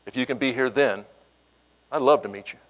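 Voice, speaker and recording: Man telling a lively anecdote on stage. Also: medium pitch, fairly quick, poor audio. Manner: animated storyteller, acting out quoted voices. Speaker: keynote speaker. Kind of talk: storytelling speech.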